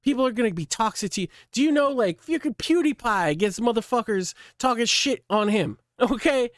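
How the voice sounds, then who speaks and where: A man's voice: extremely high pitch, lively intonation, normal speed, no room sound, clean studio sound. A man hosting his own channel, scolding someone bluntly in a profane, ranting commentary. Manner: blunt, scolding, heavy swearing. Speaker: channel host.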